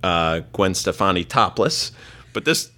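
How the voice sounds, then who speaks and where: A man spins a comic story in a relaxed, self-mocking way. His voice sits low but swings freely up and down. The tone is bright and forward. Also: measured pace. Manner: laid-back, self-mocking, acts out friends' lines. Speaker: storyteller guest.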